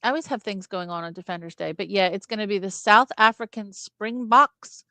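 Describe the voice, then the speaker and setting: A woman's voice: medium pitch, fairly quick, sharp tone, no echo. A woman co-hosting a casual chat, playful and full of curious questions. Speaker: podcast co-host.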